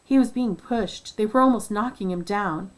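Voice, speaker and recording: A woman reading a nonfiction book aloud at first sight, voicing first-person accounts and lifting her voice for quoted shouts. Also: medium pitch, normal speed, low-quality recording. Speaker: audiobook reader.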